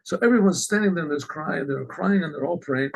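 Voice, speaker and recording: A man, a rabbi, telling a religious story in an animated way, often clearing his throat. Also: on the high side, fairly quick, rough recording.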